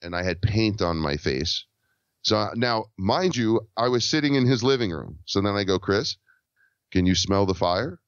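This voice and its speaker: Man guest, low voice, lively storyteller who acts out dialogue, dry and dull lo-fi sound. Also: moderate pace, clean tone, no room sound. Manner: animated, acts out quoted dialogue. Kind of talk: casual storytelling.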